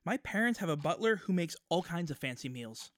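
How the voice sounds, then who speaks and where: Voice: mid-range voice, expressive, a little fast, no room sound, clean studio sound, natural voice. A person playing a playful, jokey friend who invites themself along.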